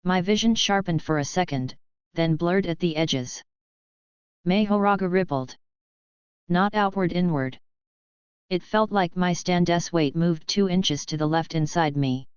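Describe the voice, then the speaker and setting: Woman narrator for a fanfic audiobook, slow deliberate reading, smooth clear voice, dull lo-fi sound. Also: on the low side, no room sound. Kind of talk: first-person story narration.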